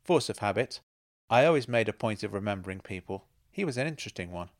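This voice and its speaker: A man's voice: fairly low pitch, expressive, fast. A man voicing a playful, self-assured woman who teases and mocks. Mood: knowing. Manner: teasing, knowing, laughs at others.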